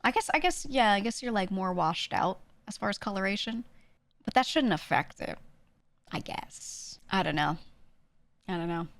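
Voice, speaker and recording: A woman streamer chatting casually with her viewers, talking quickly and lightly projecting her voice for the mic. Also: medium pitch, animated, no room sound. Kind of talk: casual chat answering a livestream chat.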